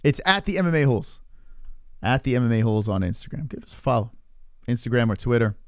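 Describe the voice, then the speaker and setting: A man's voice: mid-range voice, expressive, fast, dry recording. Profane, teasing male streamer, dry sound. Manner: profane, teasing, rambling with restarts. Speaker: live stream host. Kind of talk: casual live stream chat, reading chat.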